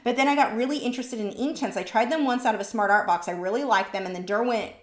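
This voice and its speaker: A woman hosting a live painting stream, chatting casually and answering viewer questions, warm and talkative. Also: fairly high pitch, quick pace, reverberant. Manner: warm, chatty, easily moved, laughs between words.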